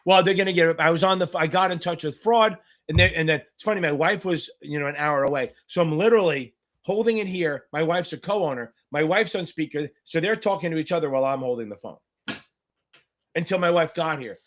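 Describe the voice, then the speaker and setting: A man's voice: on the high side, fairly bright tone. A middle-aged man tutoring for a finance exam on a live Q&A stream, talking bluntly with constant swearing. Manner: blunt, profane, rapid rants.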